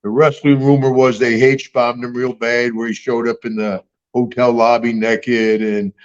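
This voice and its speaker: A man's voice: medium pitch, flat delivery, measured pace, clean tone, highs cut off. Chuckling older man telling stories. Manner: rambling, chuckling, folksy storyteller. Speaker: guest and star of the show. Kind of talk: casual storytelling interview.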